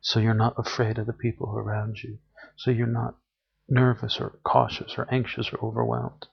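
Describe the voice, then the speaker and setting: A man's voice: mid-range voice, completely flat delivery, normal speed, vocal fry, husky. A man giving an earnest, emphatic spiritual talk, repeating phrases for emphasis. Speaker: spiritual teacher. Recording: dull lo-fi recording.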